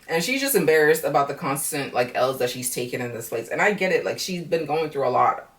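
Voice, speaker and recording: A woman's voice: sits low, expressive, brisk, far from the mic. A woman giving a frank, chatty recap of a reality show on her vlog, swearing freely. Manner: frank, chatty, with heavy profanity.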